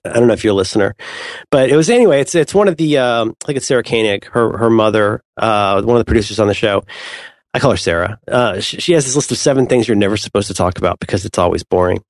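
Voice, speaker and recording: A man co-hosting a podcast, chatting casually with animated, rambling, playful storytelling. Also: on the low side, quick pace, no room sound, clean studio sound. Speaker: podcast co-host. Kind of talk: casual chat.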